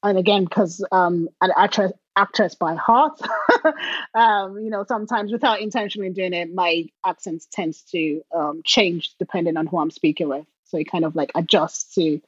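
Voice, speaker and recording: A woman who grew up in Nigeria talks casually as a podcast guest, her accent leaning British. She tells stories with animated bursts and acts out quoted voices. The sound is dry, close and slightly muffled. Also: lowish voice, normal speed, slightly rough, dry recording. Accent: British English with a Nigerian background. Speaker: interview guest. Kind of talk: casual conversational interview.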